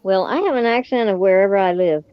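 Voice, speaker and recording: A woman's voice: mid-range voice, fast, clear, resonant tone, no room sound, highs cut off. An older retired woman with a Southern country accent, chatting in an easygoing way and laughing often. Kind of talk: casual online livestream chat.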